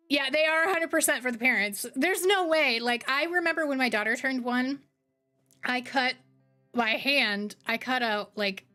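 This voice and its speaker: A woman in her thirties, a streamer chatting casually with her live chat, rambling between bright greetings and quiet low asides.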